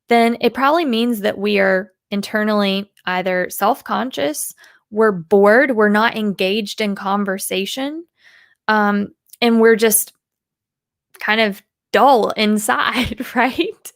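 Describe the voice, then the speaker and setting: Speaking slowly in a slightly high voice, a communication coach from the United States responds to interview questions and animatedly performs example voices. The recording is dry.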